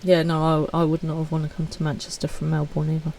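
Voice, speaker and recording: Chatty woman with a gravelly voice. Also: sits low, monotone, fast talker, a little mellow, a little hiss or hum, poor audio. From United Kingdom. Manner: chatty, self-deprecating, reads out chat. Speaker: streamer. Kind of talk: casual live-stream chat.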